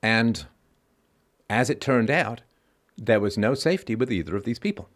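A call-in host speaks at normal speed in a lowish, lively voice, giving an emphatic philosophical monologue. He repeats key lines for stress and briefly voices others' reactions in a mocking way.

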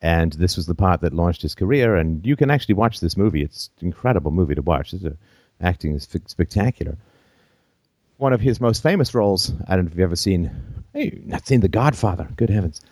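A man with a very low voice hosts a call-in show, drifting through long anecdotes and chuckling along the way. The sound is dry and close, with no room around it. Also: lively intonation, quick pace, darkish tone, dry recording. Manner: rambling, anecdotal storytelling with chuckles.

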